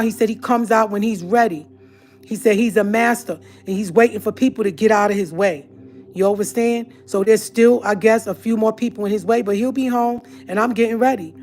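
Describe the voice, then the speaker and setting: A woman's voice: a little high, fairly even intonation, fairly quick, a little mellow, faint music behind. A woman hosting her own channel, ranting in a heated, confrontational monologue to her viewers. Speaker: channel host. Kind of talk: ranting live-stream monologue.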